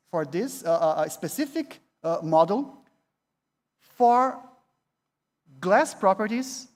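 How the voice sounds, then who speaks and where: A man with a Brazilian Portuguese accent giving a university lecture, conversational, with many restarts and rhetorical questions. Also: high voice. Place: lecture hall. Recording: long reverb in a lecture hall.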